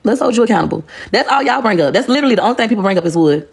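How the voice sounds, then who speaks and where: A woman's voice: mid-range voice, animated, rapid-fire, gravelly, slightly rough. A woman, ranting bluntly and profanely on a phone livestream. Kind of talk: casual rant on a livestream.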